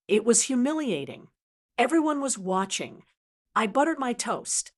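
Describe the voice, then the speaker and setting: An older woman narrating her story in first person in a calm, cold, deliberate way. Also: fairly high pitch.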